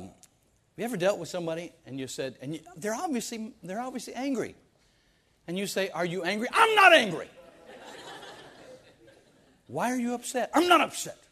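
A man preaching a sermon, firing off rhetorical questions and stumbling over repeated words as he presses his points. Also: fairly high pitch. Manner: emphatic preaching with stammered restarts and rhetorical questions. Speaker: pastor.

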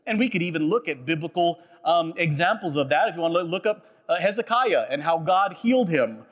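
A man's voice: on the high side, animated, fairly quick. A man preaching a sermon as a pastor, earnest and personal, often repeating phrases and checking in with "right?". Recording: echoey hall.

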